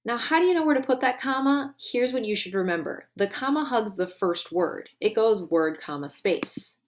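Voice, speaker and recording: Brief: woman teacher, deliberate recorded grammar lesson, faint hiss behind. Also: a little high, expressive. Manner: clear and deliberate, stressing key words.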